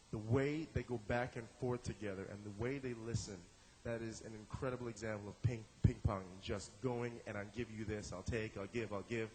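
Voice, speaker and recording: A man teaching improv to a live class, playful and animated, acting out quick examples in silly voices. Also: mid-range voice, rough recording. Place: room with a live audience.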